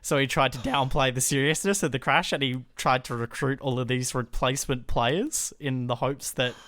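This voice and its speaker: A man's voice: mid-range voice, steady tone, moderate pace, fairly bright tone. A man co-hosting a podcast, chatting about a film with sweary enthusiasm and sharing trivia. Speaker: podcast co-host. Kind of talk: casual film discussion chat.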